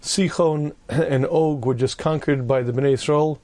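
A man giving a storytelling sermon as a rabbi, narrating vividly and clearing his throat often. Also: fairly high pitch, steady tone, measured pace, a little mellow.

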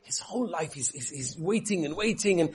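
A man teaching a Torah lesson with lively storytelling and direct appeals to his listeners. His voice sits high and swings widely in pitch. It has a husky, slightly rough texture. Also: fairly quick.

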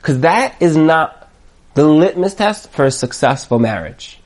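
Rabbi type, male, high voice, animated class lecture, Yiddish words here and there. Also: unhurried. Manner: lively, acts out quoted voices, emphatic repetition; Hebrew and Yiddish words sprinkled in. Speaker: rabbi teaching a Torah class.

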